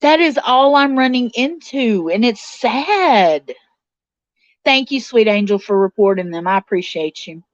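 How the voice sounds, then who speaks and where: A woman's voice: fairly high pitch, lively intonation, a little slow, no echo. A woman hosting a casual livestream, chatting and answering viewer comments aloud. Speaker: livestream host reading chat. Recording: dull, slightly lo-fi sound.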